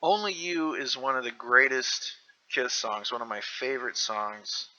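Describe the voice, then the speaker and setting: A man's voice: medium pitch, expressive, a little slow, a little hiss or hum. A man on a podcast panel, speaking enthusiastically about a favorite song. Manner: warmly enthusiastic. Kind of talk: casual panel chat about music. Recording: slightly dull, lo-fi sound.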